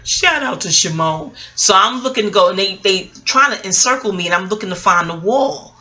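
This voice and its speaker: Bright-voiced New woman telling a story. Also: normal speed, highs cut off. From Queens, New York. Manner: animated, profane, street slang, jumps up in pitch for quoted voices. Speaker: vlogger. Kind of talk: casual storytelling monologue.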